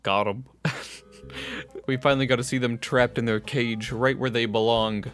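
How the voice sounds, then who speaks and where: A man's voice: medium pitch, little pitch movement, moderate pace. A man voicing a story game playthrough, reading narration and characters with joking asides. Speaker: game streamer reading a visual novel aloud. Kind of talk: casual voiced playthrough.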